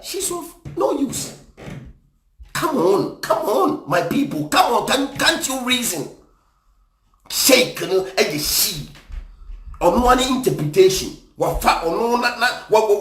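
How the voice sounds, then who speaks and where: Ghanaian male evangelist, high and animated, scornful ranting in an echoey room. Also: unhurried. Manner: scornful, insulting, mixes English and Twi. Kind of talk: angry ranting commentary.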